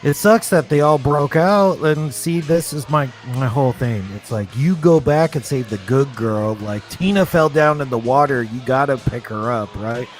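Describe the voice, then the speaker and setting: A man's voice: mid-range voice, moderate pace, hardly any pauses, faint music behind. A young adult man casually chatting and rambling as he hosts a live stream, laughing often.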